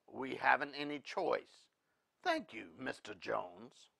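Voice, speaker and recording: A man's voice: mid-range voice, sing-song, slow pace, gravelly, bright, forceful tone, breathy edge, dry recording, full character voice. A man reading a prim, fretful pioneer mother. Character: proper worried pioneer mother.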